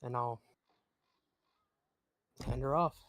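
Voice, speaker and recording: A man's voice: medium pitch, steady tone, extremely slow, a bit bright, no room sound. A man playing a tabletop game, describing his character's actions in a casual tone and swearing freely. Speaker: player.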